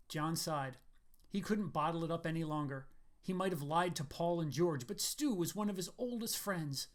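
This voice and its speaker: A man with a slightly high voice reads his own short story aloud. His delivery is steady and even, a plain scripted narration. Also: normal speed. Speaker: author reading his story.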